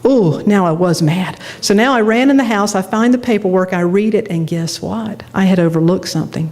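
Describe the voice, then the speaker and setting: A middle-aged woman minister delivering a sermon, telling a personal story with animated delivery and laughing at herself. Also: medium pitch, fairly quick.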